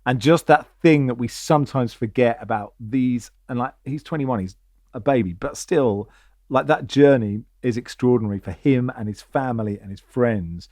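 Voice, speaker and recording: Male podcast host, mid-pitch, playful banter, close and dry. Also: moderate pace, darkish tone, no echo. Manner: jokey, slips into comic mock voices. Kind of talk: casual chat.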